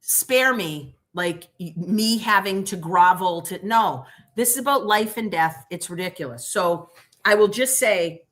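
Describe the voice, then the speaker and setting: A woman's voice: mid-range voice, a little slow. A middle-aged woman, a former prosecutor, speaking as a guest in a livestream interview, telling stories bluntly and emphatically. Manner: blunt, emphatic, animated retelling with quoted dialogue.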